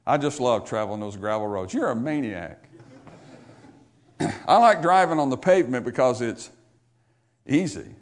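A man preaching a sermon to a church congregation, swinging between loud, raised exhortation and quiet, low asides, and often asking the people questions. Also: big pitch swings, normal speed, pauses often. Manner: talks to the congregation with questions and calls. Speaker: pastor.

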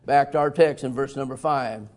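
A man preaching a folksy, emphatic sermon in a church, with sudden loud bursts and chuckles. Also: mid-range voice, normal speed. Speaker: pastor. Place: church sanctuary.

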